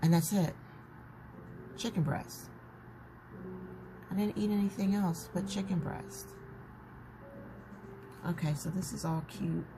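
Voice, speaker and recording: A woman's voice: fairly low pitch, slow pace, pauses often. A woman chatting casually to her viewers while she flips through a journal. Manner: chatty, warm-hearted, talks to viewers as "y'all". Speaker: journaling vlogger. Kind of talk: casual chat. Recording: noticeable background noise.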